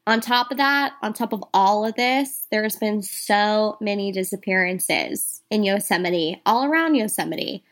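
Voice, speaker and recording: A woman in a casual podcast chat, running through spooky tales in a loose, talky way. Her voice sits at an everyday middle pitch. She often turns to address the listeners directly. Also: measured pace, hardly any pauses, a bit bright. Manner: chatty, addresses listeners as "you guys". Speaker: podcast co-host. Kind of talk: casual ghost-story chat.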